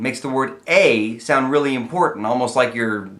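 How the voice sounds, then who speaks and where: A man's voice: medium pitch, normal speed, a bit bright. Brief: young adult man, playful comedic songwriting teacher, faint music behind. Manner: playful, sings example lyrics.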